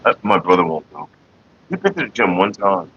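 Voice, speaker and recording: A man's voice: deep voice, sing-song, a little fast, fairly bright tone, husky, highs cut off. A young man rambling casually to camera, joking and laughing often. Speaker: vlogger.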